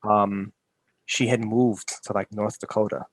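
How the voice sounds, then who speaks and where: A man's voice: fairly low pitch, fairly even intonation, a little slow, slight background noise. A man co-hosting a podcast from home over a video call, telling a rambling story with many restarts. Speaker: podcast co-host. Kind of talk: casual podcast chat. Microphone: home setup on a video call.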